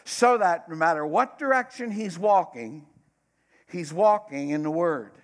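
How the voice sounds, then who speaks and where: A middle-aged man preaching a sermon, dramatic, swinging between loud bursts and hushed asides. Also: on the high side, expressive, unhurried.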